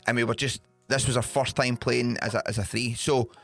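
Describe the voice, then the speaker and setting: A man's voice: medium pitch, a little fast, soft background music. Scottish man telling a sweary story. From Scotland. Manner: swears freely, animated anecdotes. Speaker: podcast host. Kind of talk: casual storytelling chat.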